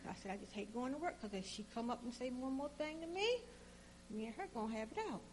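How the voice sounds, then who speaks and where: Animated woman telling a workplace story. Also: a little high, fast talker, a little hiss or hum. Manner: animated, acts out both sides of the conversation. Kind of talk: casual personal storytelling.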